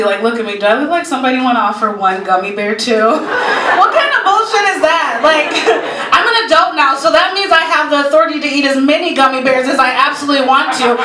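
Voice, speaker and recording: A woman in her forties performing a stand-up comedy set on a club stage, brash and profane, often laughing at her own jokes. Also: a little high. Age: 40s. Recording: roomy live club recording, heard from a distance, noisy.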